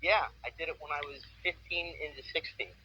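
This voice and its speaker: A voice actor in his forties tells stories in a casual interview, upbeat and enthusiastic. His voice is fairly high and sharp, and he speaks fairly quickly, though the recording is muffled with faint noise.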